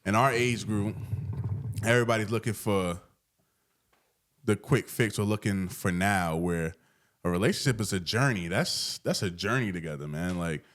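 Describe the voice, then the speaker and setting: A man speaking. He co-hosts a podcast and tells stories in a relaxed, slangy, conversational way. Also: fairly low pitch, normal speed. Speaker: podcast co-host. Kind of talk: casual chat.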